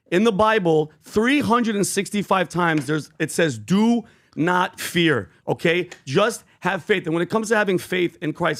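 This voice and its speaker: High-voiced man preaching on a podcast. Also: a bit bright. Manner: preachy, retells scripture with emphasis. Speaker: podcast co-host. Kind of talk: casual panel chat.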